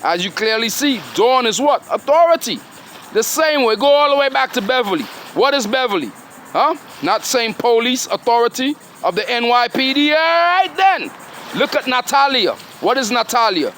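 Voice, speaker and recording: Guy with a pretty high voice ranting preachy and grand, lots of "huh?" questions. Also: fairly bright tone, slight background noise. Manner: preachy, grandiose, keeps asking rhetorical questions. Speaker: self-styled spiritual speaker. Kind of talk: rambling monologue to camera.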